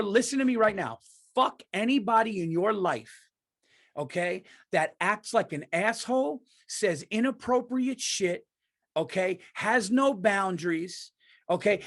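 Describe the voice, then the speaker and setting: A man with a notably high speaking voice rants on his podcast. He is worked up and emphatic, swearing freely as he hammers his points home. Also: a bit bright. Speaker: podcast host. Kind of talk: heated comedic rant.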